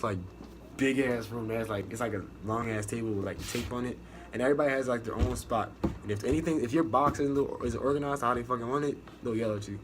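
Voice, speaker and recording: A man's voice: mid-range voice, background noise. A young American man with an American accent, casually recounting his navy boot camp experience in a profane, rambling way with many restarts. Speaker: navy recruit sharing experience. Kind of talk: casual storytelling vlog.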